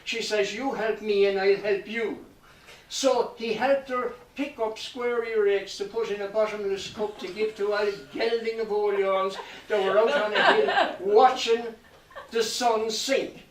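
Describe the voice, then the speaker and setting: A high-voiced man spins a lilting nonsense folk tale to a live audience. He is picked up from a distance, so the hall echoes around him. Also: fairly even intonation, unhurried, slight background noise. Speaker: storyteller.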